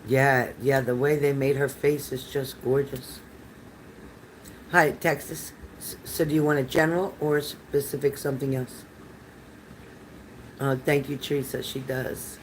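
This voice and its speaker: An older tarot reader gives live readings to chat viewers, chatty, rambling and reassuring. Her medium-pitched voice moves little in pitch and stays unhurried. The recording is low quality with slight background noise.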